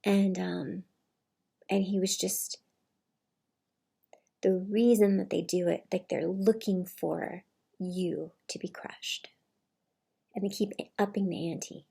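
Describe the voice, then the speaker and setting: A woman in a casual personal monologue who rambles, with many fillers and restarts, often slipping into a soft, breathy near-whisper. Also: medium pitch, fairly even intonation, slow pace, long pauses. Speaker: vlogger.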